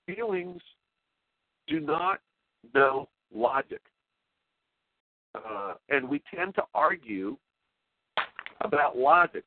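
A male talk show host in a rambling spoken monologue, excitable and emotional, often restarting his sentences. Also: medium pitch, a little hiss or hum. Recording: tinny phone-line sound, dry.

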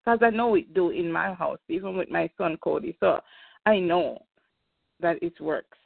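A call participant, an older woman with a gravelly, lowish voice, delivers earnest and emphatic testimony at a moderate pace. It's casual storytelling heard through a phone or call line, with a tinny sound and no echo.

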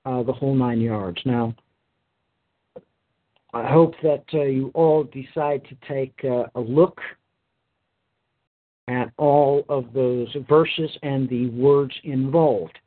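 A tired man reads scripture aloud, then explains it to his listeners with plenty of hesitant fillers. His voice is husky, and the recording is thin and tinny, like a phone line. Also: medium pitch, slow, pauses often. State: tired, yawning. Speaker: Bible teacher. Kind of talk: recorded Bible lesson.

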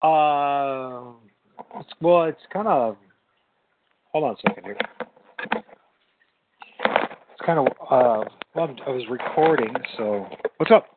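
A man's voice: medium pitch, slow pace, long pauses, background noise. A man hosting his own podcast, chatting casually in a rambling way, repeating words and laughing easily. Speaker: podcast host. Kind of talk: casual late-night call-in chat. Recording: tinny phone-like sound.

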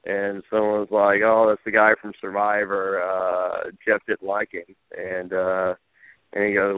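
A man with a low-set voice tells stories in a loose, animated way, jumping up in pitch whenever he acts out what others said. The sound is thin and phone-like, with a dry, close feel and no room around it. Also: takes it slowly, pauses often, no echo. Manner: animated, laughing, acts out quotes in raised voices. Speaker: interview guest, former wrestling manager. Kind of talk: casual storytelling in an interview. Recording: tinny phone-like line, dry.

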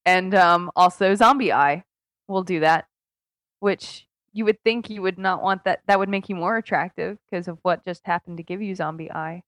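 A young woman co-hosting a casual comedy podcast over a Skype call, talking loudly and laughing often. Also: mid-range voice, dry recording. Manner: loud, excitable, laughs often. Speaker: podcast co-host.

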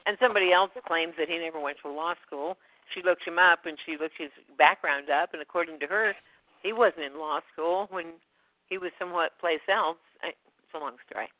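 A woman's voice: on the low side, brisk, no room sound. Chatty woman host on a phone line. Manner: chatty, laughs often between remarks. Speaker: host of a community call. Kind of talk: casual phone chat.

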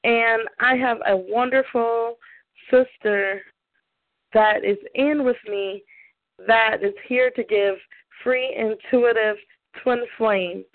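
A woman's voice: fairly high pitch, fairly even intonation, takes it slowly. Bubbly Southern woman radio host on phone. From American South. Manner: bubbly, laughs often, chatty. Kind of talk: casual call-in radio chat. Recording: tinny phone line.

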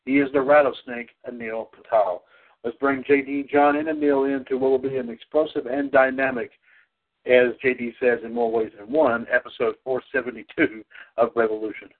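A man hosting a wrestling call-in podcast, rambling with many restarts and repeated "ladies and gentlemen". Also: medium pitch, fairly even intonation, a little fast. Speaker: podcast host. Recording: tinny phone-line audio.

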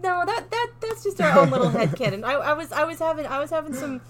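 A woman's voice: high voice, big pitch swings, fast talker, over a noisy crowd. A woman co-hosting a podcast in casual chat, playful and laughing, acting out characters as she tells stories. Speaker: podcast co-host.

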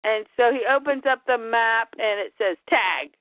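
A high-voiced woman recaps a story in a chatty, casual way. The sound is thin and phone-like, with no room echo at all. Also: moderate pace. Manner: chatty, laughing retelling. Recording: dry, tinny phone-like line.

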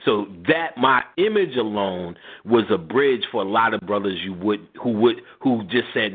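A man's voice: on the low side, lively intonation, normal speed, hardly any pauses, slightly rough. A middle-aged man, host of a radio show, telling stories in casual, profane talk, laughing often and acting out what others said. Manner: profane, laughing, acts out quotes in voices. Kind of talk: casual storytelling chat. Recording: phone-line sound.

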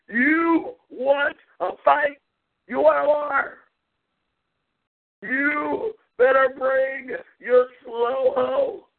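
A man's voice: very high voice, gravelly, exaggerated voice. A man doing a yelping, strutting wrestling champion. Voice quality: profane, yelping war cries. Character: brash boastful male wrestling champion cutting a promo. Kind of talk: wrestling promo impression. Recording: tinny phone-like audio.

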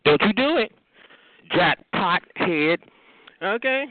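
Man, phone-line audio: profane taunting rant, pitch spiking when yelling. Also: big pitch swings, slow. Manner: profane, taunting, repeats "okay?". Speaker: chat line caller. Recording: tinny phone line with hiss.

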